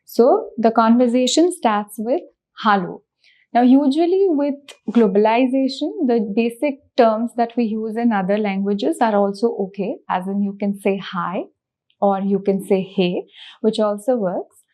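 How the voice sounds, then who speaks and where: Patient woman teacher, slightly high voice, unhurried beginner lesson. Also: warm tone, poor audio. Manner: slow, patient explanations with repeated examples. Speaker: language teacher.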